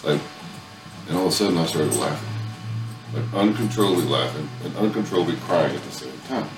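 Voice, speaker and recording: A man's voice: deep voice, lively intonation, quick pace, recorded from a distance. A man hosting a casual chat, telling a rambling, profane story with bursts of laughter. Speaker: podcast host. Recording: echoey room, mic from afar, music behind.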